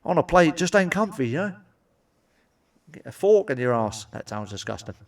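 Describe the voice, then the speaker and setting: A man's voice: fairly high pitch, big pitch swings, normal speed, far from the mic. A man doing crude stand-up comedy, blunt and sweary, with frequent asides to the audience. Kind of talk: crude stand-up joke telling.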